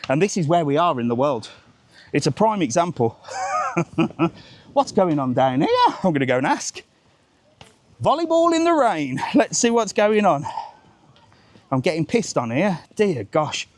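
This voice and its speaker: A man hosting a live travel vlog as he walks outdoors in the rain, talking bluntly and swearing as he chats with his viewers. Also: on the high side. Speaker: travel vlogger host. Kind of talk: live-streamed walking vlog. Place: outdoors on a seaside promenade in rain.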